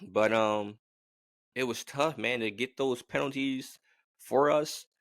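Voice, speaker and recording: A man vlogging as a sports fan, giving a rambling, animated game prediction in casual talk. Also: medium pitch, takes it slowly, dry recording, clean studio sound. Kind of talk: casual sports opinion monologue.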